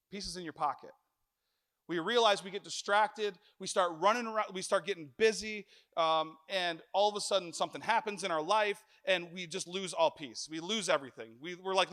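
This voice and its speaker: A middle-aged man preaching a sermon in church, telling stories with jokes and lively animation. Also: high voice. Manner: animated, joking storyteller.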